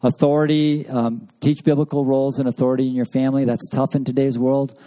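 A man's voice: medium pitch, level tone, fairly quick, dark tone, poor audio. A middle-aged man giving an earnest, conversational talk to men at a family conference, acting out family dialogue as he tells stories. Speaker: speaker at a men's family session.

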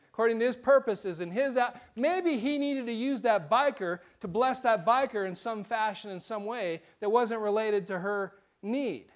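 A male pastor preaching in a church, in a conversational storytelling way that often repeats words. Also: sits high. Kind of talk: sermon.

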